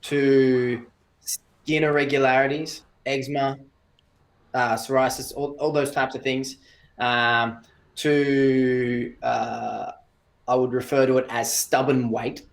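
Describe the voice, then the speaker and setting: A man talking as a breathwork coach in a casual podcast interview, calm and explanatory, in short phrases. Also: mid-range voice, slow.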